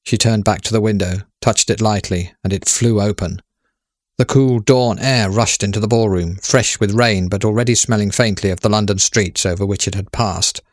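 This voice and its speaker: Low-voiced man narrating calmly. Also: moderate pace, no room sound, studio quality. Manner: calm, even storytelling. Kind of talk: scripted narration.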